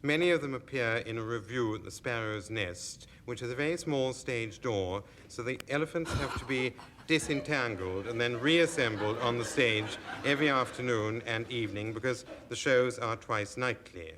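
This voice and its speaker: A man on a radio panel game telling absurd stories in a dry, deadpan way. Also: medium pitch, normal speed. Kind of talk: comic panel game banter. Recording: hissy old radio recording.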